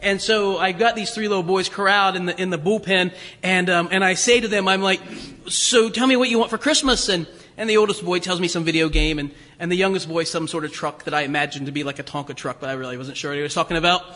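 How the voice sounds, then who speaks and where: Man, pastor, storytelling sermon, high voice, rambling with fillers, long church reverb. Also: steady tone, fast talker, pushed and bright. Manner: chatty, hesitant, full of fillers and restarts. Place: church sanctuary.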